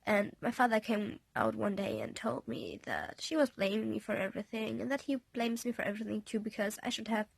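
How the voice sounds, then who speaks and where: Young woman, shaken after a panic attack, halting, apologetic, soft half-whisper, raspy fry, dry close sound. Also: mid-range voice, lively intonation, no echo. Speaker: vlogger. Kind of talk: confessional personal vlog. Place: indoors, on a bed in a bedroom.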